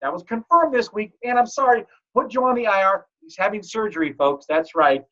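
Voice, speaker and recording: A man hosting a fantasy football league podcast, telling stories in a joking, animated way. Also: sits high, fairly quick. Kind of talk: casual podcast chat. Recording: dull lo-fi audio.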